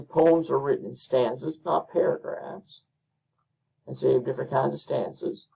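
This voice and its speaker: Gravelly man lecturing from a distance. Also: medium pitch, a little mellow. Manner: unhurried, with frequent ums and uhs. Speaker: instructor. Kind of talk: recorded lecture.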